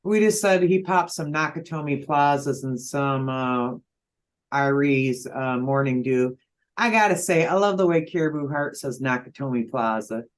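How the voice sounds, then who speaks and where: A man's voice: mid-range voice, expressive, moderate pace. A male host, joking and laughing often in a casual chat.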